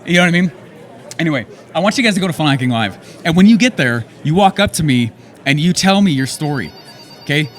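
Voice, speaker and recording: A young man giving an energetic, excitable motivational talk to an audience on a handheld microphone, often tagging his points with "okay?". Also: fairly high pitch. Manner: energetic, excitable, fast-talking with frequent "okay?" tags. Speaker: event speaker.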